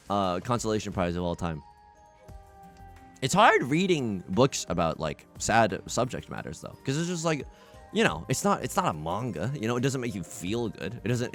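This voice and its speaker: A young man giving casual live commentary over his own gameplay, self-mocking and prone to stammered restarts. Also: fairly low pitch. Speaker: gaming YouTuber.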